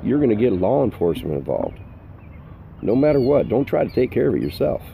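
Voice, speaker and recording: A man's voice: medium pitch, big pitch swings, fairly quick, vocal fry, mellow, a little hiss or hum. An older man, a full-time RV vlogger, giving earnest, emphatic safety advice outdoors, repeating his points. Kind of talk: casual outdoor vlog advice. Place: outdoors in the sun.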